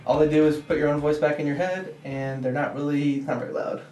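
A man's voice: a little high, steady tone, a little fast, warm tone, faint music behind. A chatty, playful man hosting a casual podcast interview and laughing easily. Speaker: podcast host. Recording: echoey room with faint hiss.

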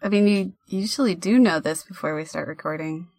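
A woman's voice: lowish voice, fairly quick, a little mellow, no echo. A woman co-hosting a casual podcast, joking around in a playful, scatterbrained way. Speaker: podcast co-host.

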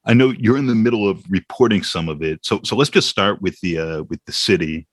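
A man's voice: sits low, fairly quick, no echo. A man hosting a casual discussion, often repeating words as he starts. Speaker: host. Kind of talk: casual conversation.

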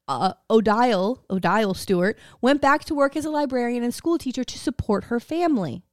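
A woman's voice: medium pitch, dry recording, clean studio sound. A woman co-hosting a podcast, telling a story in a casual, joking and profane way. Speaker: podcast co-host.

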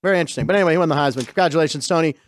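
This sports-show host, a middle-aged man from western Pennsylvania, narrates game clips with excited, wandering, talkative anecdotes. He speaks fast and on the higher side, and the recording is dry.

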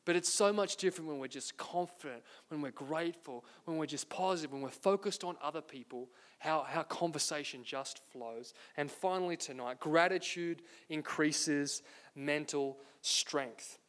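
A man's voice: fairly high pitch, moderate pace, a bit bright. An Australian man preaching a sermon as pastor, earnest and self-deprecating as he tells a story.

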